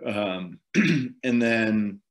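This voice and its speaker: A man with a fairly low voice tells a long race story as a podcast guest. He rambles loosely, leans on fillers, and keeps breaking into small chuckles. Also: fairly even intonation, drawn-out words. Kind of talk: casual storytelling interview.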